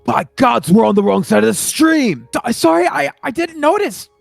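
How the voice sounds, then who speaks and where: Man voicing a gray-bearded dwarf, gruff, barking orders, gravelly, dry close mic. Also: very high-pitched, expressive, dry recording, soft background music, voice pushed up, exaggerated voice. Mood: flustered. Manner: bossy and hurried, barking orders. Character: stocky gray-bearded male dwarf poacher, gruff and jumpy.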